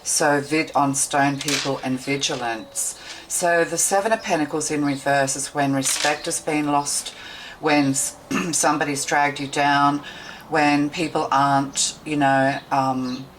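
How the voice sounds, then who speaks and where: Low-voiced woman giving a tarot reading. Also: steady tone, a little slow, noisy background. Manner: meandering, intuitive, thinking aloud with many fillers. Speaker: tarot reader. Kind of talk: tarot card reading to camera.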